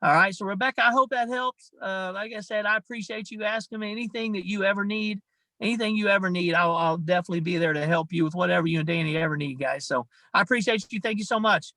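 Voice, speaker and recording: On a company video call, a guest speaker delivers a motivational talk in a high, bright, forceful voice, speaking fast with fairly even intonation. He's emphatic and repeats himself, tossing in "man" a lot, and the audio is dry and poor.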